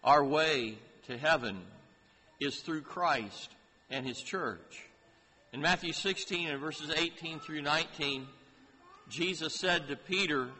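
A man preaching a sermon in a slow, deliberate way, lifting his voice to stress key phrases. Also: a little high, sharp tone. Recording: hall reverb with faint ambient noise.

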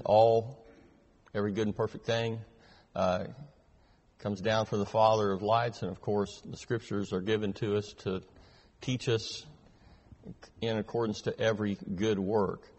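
Slow, hesitant man teaching scripture. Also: lowish voice, big-room sound. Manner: measured, hesitant with many fillers. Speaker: Bible class teacher. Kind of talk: verse-by-verse Bible study teaching.

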